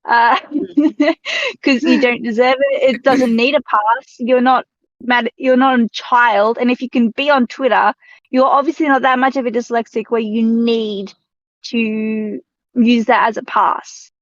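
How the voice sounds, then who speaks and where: An Australian woman speaks indignantly and with emphasis in a casual chat. Her voice sits a little high. The audio is dull and lo-fi with no room sound. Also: measured pace, no room sound.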